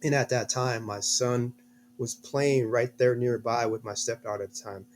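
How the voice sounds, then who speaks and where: Slightly hoarse middle-aged man telling a story. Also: mid-range voice, moderate pace, slight background noise. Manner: earnest, lively storyteller with restarts. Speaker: guest, a father. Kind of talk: interview storytelling.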